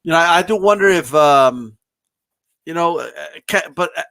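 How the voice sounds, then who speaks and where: High, bright-voiced male livestream host. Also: moderate pace, creaky, dry recording. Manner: loose and rambling, swears often. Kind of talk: casual live stream chat.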